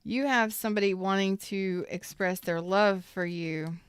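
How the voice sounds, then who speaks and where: A woman's voice: medium pitch, steady tone, a little slow, clear, resonant tone, no room sound. A woman, hosting a casual, salty tarot reading and talking straight to her viewers. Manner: chatty, salty, talks to viewers as y'all. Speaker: tarot reader, channel host.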